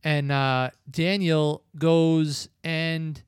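Man, slightly high voice, smooth and clear, loose rambling recap, dry close mic. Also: little pitch movement, very slow, no echo. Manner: rambling retelling with filler words. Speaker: film review podcast host. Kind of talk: casual plot recap.

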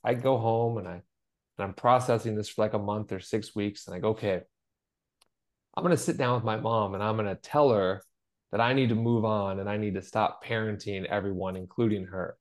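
A middle-aged man with a lowish, fairly even voice co-hosts a podcast, speaking briskly. In this conversational chat he tells stories earnestly and acts out the voices of the people he quotes.

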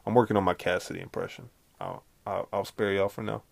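A man's voice: sits low, little pitch movement, fast talker, vocal fry. A man hosting a casual comedy podcast, telling rambling, slangy, jokey stories. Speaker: podcast host.

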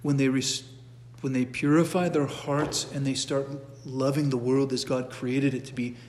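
Middle-aged male church teacher, relaxed and conversational, frequent restarts, recorded with long hall echo. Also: mid-range voice, normal speed, slight background noise. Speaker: catechism teacher. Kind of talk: informal church class lecture.

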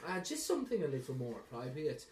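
A soft, apologetic male temple greeter, voiced by a man running the game, hesitant and polite. The voice sits a little high. It is recorded roomy and from a distance. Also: wildly swooping pitch, fast talker, crowd noise.

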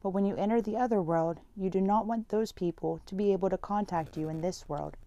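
A woman reading the part of a calm, formal male mentor who speaks stiffly and evasively. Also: medium pitch, a little fast, lo-fi sound, natural voice.

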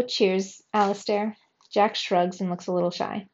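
A woman reading a children's book aloud in a steady storytelling manner. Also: mid-range voice, normal speed, creaky, dull audio. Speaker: reader.

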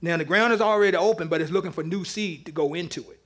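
This is an interactive sermon from a fast-talking pastor whose voice is high-pitched. He jokes with the congregation between points and talks casually throughout, never turning formal even as he builds his argument.

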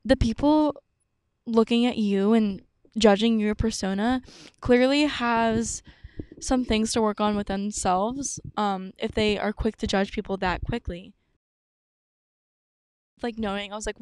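A woman's voice: medium pitch, measured pace, pauses often, darkish tone, smooth, dry recording, studio quality. A young woman in her twenties hosting a podcast in casual, chatty talk, full of "like" and "um", often acting out her own past thoughts. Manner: chatty, peppered with "like" and "um". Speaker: podcast host. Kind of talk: casual chat.

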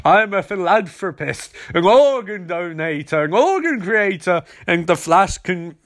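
A man voicing a gloating, scheming tycoon villain who cackles and drawls slowly. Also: sits high, lively intonation, a bit bright, full character voice. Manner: slow, mocking cackle.

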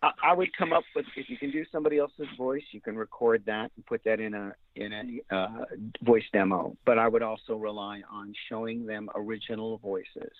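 A man's voice: on the low side, steady tone. Man, voice actor guest, rambling casual talk, thin phone-line sound with no room echo. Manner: rambling, slips into quick character voices. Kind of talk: casual interview chat.

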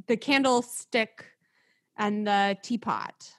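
A woman's voice: medium pitch, fairly even intonation, slow pace. A young woman chatting casually about a movie, laughing often, using lots of fillers and a sarcastic edge. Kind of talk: casual movie review chat.

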